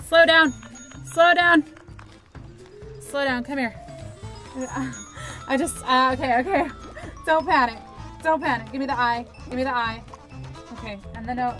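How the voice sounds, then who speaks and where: A woman's voice: on the high side, fairly bright tone. A young woman hosting a gaming video, chatting bubbly to the cats in a VR game as she plays. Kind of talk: playing a VR game with commentary.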